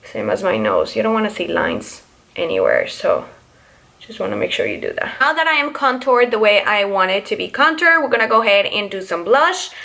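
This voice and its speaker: A young woman talks through her makeup routine in a relaxed, chatty way, full of little fillers as she explains each step. Her voice sits at an ordinary middle pitch for a woman. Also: fairly quick, vocal fry. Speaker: beauty vlogger. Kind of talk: casual makeup tutorial.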